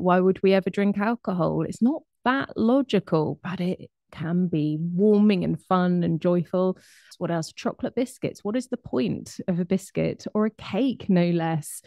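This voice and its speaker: Brief: woman presenter, chatty and animated, mid-range voice, close dry recording. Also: mid-range voice, dry recording. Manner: lively, conversational, with laughs and asides. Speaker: speaker on behaviour. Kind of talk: presentation to an audience.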